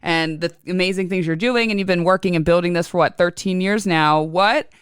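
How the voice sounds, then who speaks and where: A woman with a smooth, clear voice hosts a podcast and chats freely, sharing her own stories and asking reflective questions. The sound is dry and close, with no room echo. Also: fairly low pitch, fairly quick. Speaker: podcast host. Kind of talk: casual interview conversation.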